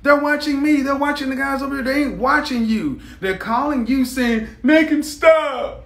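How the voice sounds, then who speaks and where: A man's voice: very high voice, steady tone, moderate pace, vocal fry, fairly bright tone, reverberant. A man hosting a live stream, ranting in a blunt, mocking, combative way.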